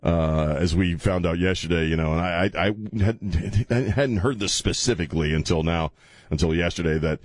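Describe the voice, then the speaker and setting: A man's voice: low-pitched, normal speed, no room sound, clean studio sound. A man hosting a talk radio show, rambling and joking with frequent laughs and filler stumbles. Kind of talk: casual talk radio monologue.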